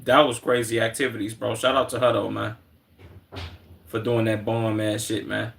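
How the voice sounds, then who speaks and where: A man's voice: lowish voice, little pitch movement, moderate pace, gravelly, fairly bright tone, slight background noise. A young man from Chicago streaming, chatting casually in a laid-back, slangy, profane way at a desk microphone.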